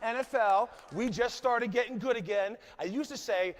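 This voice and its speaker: A high-pitched man in his forties from New Jersey gives an emphatic motivational keynote on a conference stage, checking in with the crowd often. He speaks at a moderate pace with few pauses, and the large hall adds a long reverb.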